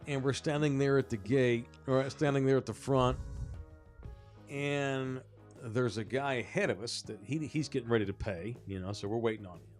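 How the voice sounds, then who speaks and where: A man co-hosting a sports podcast, telling a story in casual, animated, profane talk. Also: mid-range voice, moderate pace, faint music behind. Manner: animated, profane, rising when excited. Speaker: podcast co-host.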